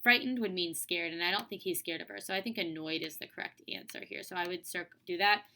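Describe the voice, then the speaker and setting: A woman's voice: fairly low pitch, fairly quick, sharp tone, a little hiss or hum. A young woman teacher reading a children's book aloud and talking through the questions in a casual, chatty way. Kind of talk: reading aloud and explaining a lesson.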